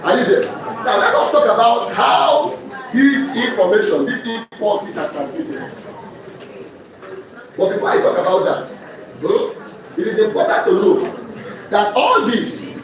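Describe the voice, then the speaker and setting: A man's voice: high voice, animated, measured pace, long pauses, crowd noise. A male lecturer teaching in call-and-response style. He keeps firing quiz questions and checking that listeners are following. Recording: echoey hall, distant mic, audience noise.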